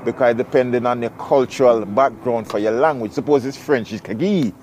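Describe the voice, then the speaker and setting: A man's voice: medium pitch, fairly even intonation, fairly quick, darkish tone, a little hiss or hum. Playful man spelling words aloud. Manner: playful, laughs often, spells words out letter by letter. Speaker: podcast host. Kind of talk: casual chat.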